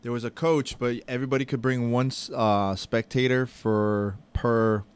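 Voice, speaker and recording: A man's voice: mid-range voice, level tone, moderate pace, clean tone. A man co-hosting a podcast in casual chat, joking with his co-host and cheerfully plugging the show. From Florida, USA. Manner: joking, upbeat plugs for the show.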